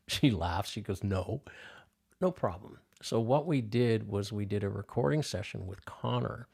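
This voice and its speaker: Gravelly low-voiced older man telling stories. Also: normal speed, darkish tone. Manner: rambling, many restarts and fillers. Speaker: podcast guest, filmmaker. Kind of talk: casual storytelling interview.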